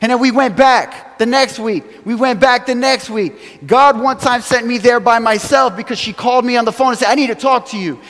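A man with a high voice preaches a storytelling sermon. He acts out quotes and chuckles as he goes. A long reverb trails his words, as in a large church sanctuary. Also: fairly quick, hardly any pauses, fairly bright tone. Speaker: pastor.

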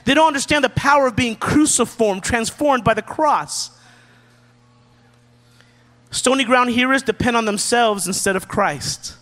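A man preaching a sermon from the pulpit in a relaxed, joking, conversational way. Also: very high-pitched, a little slow, long pauses, long reverb tail. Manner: casual, joking preacher who acts out quotes. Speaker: pastor.

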